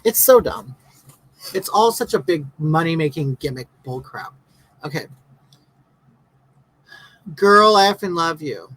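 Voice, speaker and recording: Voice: mid-range voice, animated, unhurried, long pauses, fairly bright tone, rough recording. Blunt, ranting livestream host in their fifties. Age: 50s. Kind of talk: casual livestream chat reading viewer comments.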